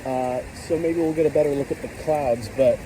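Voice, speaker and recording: A tired man in casual, rambling vlog commentary, excitable and talking to himself while standing outside in a rainstorm. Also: medium pitch, moderate pace, background noise. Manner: chatty, excitable, talks to himself, mild self-censored cursing. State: tired from staying up all night. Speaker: vlogger. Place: outdoors on a top step in a rainstorm. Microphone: handheld camera. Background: rain falling.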